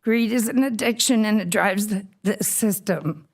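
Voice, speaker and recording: A woman reading a prepared statement at a county board meeting, earnest and steady. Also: medium pitch, unhurried. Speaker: public commenter.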